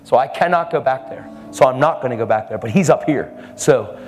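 A man's voice: medium pitch, animated, a little fast, a little hiss or hum. A man preaching a sermon, telling a testimony story in a fervent, emphatic way. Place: church service hall. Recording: reverberant hall.

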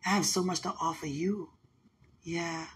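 A young woman, talking affectionately and religiously to her partner and breaking into lively, laughing storytelling. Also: lowish voice, unhurried, slight background noise. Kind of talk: casual emotional chat.

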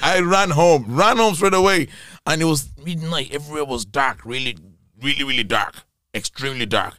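A man from Nigeria telling stories in a casual podcast chat, animated and laughing often. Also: on the high side, moderate pace, no echo, studio quality. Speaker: guest comedian.

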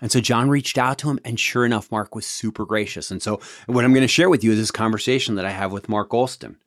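A man's voice: fairly low pitch, fast, dry recording, clean studio sound. A man hosting a podcast, telling a story in a casual monologue, with many restarts and repeated words. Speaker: podcast host.

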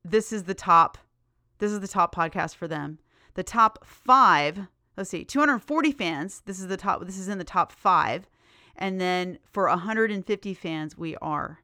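A woman's voice: lowish voice, moderate pace, sharp tone, clear, resonant tone, no echo, clean studio sound. A woman hosting her own podcast in a bubbly, enthusiastic, chatty way. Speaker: podcast host. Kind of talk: casual solo podcast chat.

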